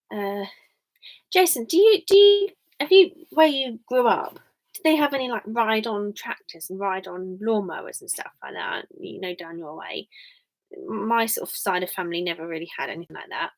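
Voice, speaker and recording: A woman's voice: mid-range voice, lively intonation, normal speed. Chatty English woman on a live stream. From England. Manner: rambling and chatty, full of fillers. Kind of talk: casual live stream chat with viewers.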